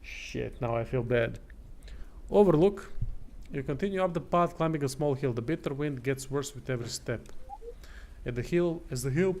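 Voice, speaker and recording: Tired man, livestream, reads a text game aloud, casual, stumbles, mid pitch. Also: fairly quick, a little mellow. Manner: casual, swears, stumbles over words. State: tired, yawning. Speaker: streamer.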